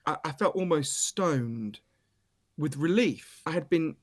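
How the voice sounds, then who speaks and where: A British man, an author being interviewed, telling stories in an animated, emphatic way and swearing casually. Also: on the high side, takes it slowly. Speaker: author and guest. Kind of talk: storytelling interview.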